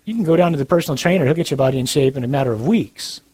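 Earnest, blunt, husky-voiced male speaker. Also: mid-range voice, animated, rapid-fire, dark tone. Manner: earnest, blunt, with dry humor. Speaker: Catholic speaker. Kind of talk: sermon-like talk to young adults.

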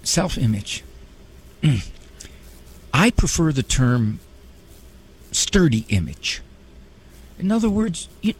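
A man's voice: fairly high pitch, very animated, slow, long pauses, a little mellow, husky. A man hosting a radio advice talk show, conversational and humorous with a preachy bent.

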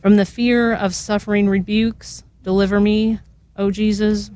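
A woman's voice: medium pitch, level tone, a little slow, mellow, no echo. A woman, a guest on a radio show, reading a litany aloud in an earnest, devout way, her voice catching with emotion. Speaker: radio guest leading prayer.

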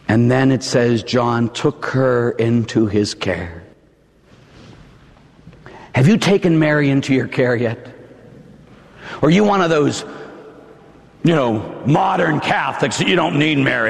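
Preacher man yelling a sermon, slow with big pauses, echo all over the church. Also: mid-range voice, animated, creaky. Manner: shouting, emphatic, dramatic pauses. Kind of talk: fiery sermon. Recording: long hall reverb.

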